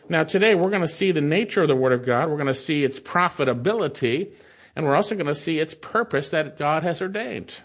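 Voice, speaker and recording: A male pastor delivers an expository sermon in a somewhat high voice. He reads scripture aloud and then breaks in with quick rhetorical questions to his listeners. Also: expressive, fairly bright tone.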